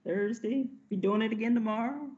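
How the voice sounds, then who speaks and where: A woman co-hosting a casual wrestling chat, relaxed and agreeable. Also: a little high, fairly quick. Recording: dull lo-fi stream audio.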